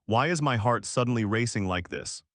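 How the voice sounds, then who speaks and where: A man voicing a proud, guarded young noblewoman heir who speaks softly and awkwardly, in a dry recording. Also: medium pitch, lively intonation, normal speed, dry recording, natural voice. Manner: soft and awkward.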